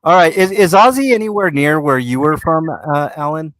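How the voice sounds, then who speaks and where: A man's voice: a little high, normal speed, a bit bright, no echo. Laid-back American man hosting a show. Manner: laid-back, laughs often, says "man" a lot. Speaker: podcast host. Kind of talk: casual chat, reading viewer comments.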